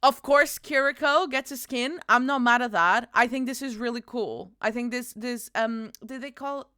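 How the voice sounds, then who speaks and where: A woman game streamer chatting casually with her viewers, bubbly and quick to laugh, calling people darling. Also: fairly high pitch, clean tone, no echo, studio quality. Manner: bubbly, bursts into loud panicked squeals and laughter. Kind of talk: casual live-stream chat.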